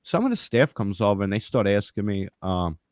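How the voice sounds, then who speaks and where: A low-voiced man telling a long story in loose, profane chat. He jumps into the other characters' voices as he goes. The sound is dry and close. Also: very animated, fairly quick, a little mellow, dry recording. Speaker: podcast regular telling his story. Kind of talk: casual storytelling.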